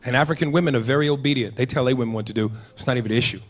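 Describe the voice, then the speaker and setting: A man doing a stand-up comedy set, brash and loud, often breaking into shouted bits on a stage mic. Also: mid-range voice, very fast. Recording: noisy live club recording.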